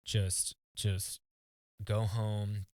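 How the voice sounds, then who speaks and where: Low-voiced man telling a personal story. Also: level tone, a little mellow, no room sound. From United States. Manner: earnest, halting, often restarting words. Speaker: podcast guest.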